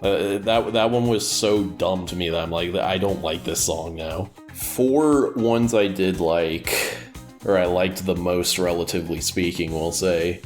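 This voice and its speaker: A man co-hosting a podcast, talking casually about music with dry, deadpan humor. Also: low-pitched, a little slow. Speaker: podcast co-host reviewing an album. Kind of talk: casual chat.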